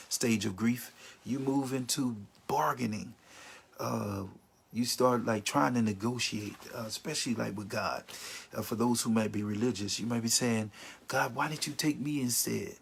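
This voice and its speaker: A man's voice: medium pitch, moderate pace, gravelly, husky. A man teaching about grief in an informal, earnest way, sometimes acting out the words of people in mourning. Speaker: grief counselor.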